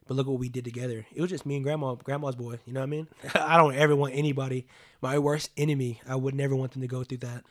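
A man in his late twenties telling a personal story in a casual, rambling way, leaning on "like" and swearing freely. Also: medium pitch. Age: 20s.

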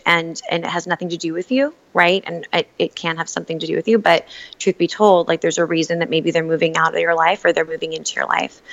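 A woman's voice: fairly low pitch, a bit bright. A woman in casual, reflective conversation who often repeats words and restarts her sentences. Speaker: podcast guest, writer on emotions. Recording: dull lo-fi audio.

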